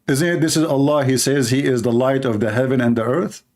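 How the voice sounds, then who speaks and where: A man's voice: medium pitch, fairly even intonation, fairly quick, darkish tone. A middle-aged man with an Arabic accent hosts a livestream. His talk is combative and scornful, and he often drops into voicing both sides of a little exchange. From Middle East. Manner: mocking, combative, acts out little dialogues. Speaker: livestream host. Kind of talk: polemical livestream monologue.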